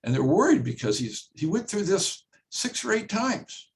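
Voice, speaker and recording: An older man, a home builder, presents a workshop in a plain-spoken, conversational way, often repeating his key phrases and pausing with "uh". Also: high voice, big pitch swings, gravelly. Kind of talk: conversational webinar talk.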